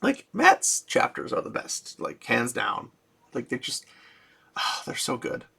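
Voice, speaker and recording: A man's voice: mid-range voice, wildly swooping pitch, a little slow, gravelly, sharp tone, husky. A man casually retelling a fantasy novel, chatty and laughing often. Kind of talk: casual storytelling recap.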